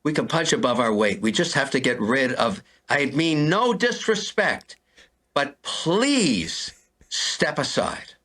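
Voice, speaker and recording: Older male interview guest, heated and repetitive, bright animated delivery. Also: medium pitch, normal speed, hardly any pauses. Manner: exasperated, repeating himself, pleading.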